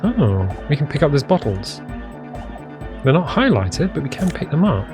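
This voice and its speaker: A man's voice: a little high, very animated, normal speed. A man giving casual gameplay commentary, thinking aloud with hesitant fillers. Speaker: let's play host. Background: game music.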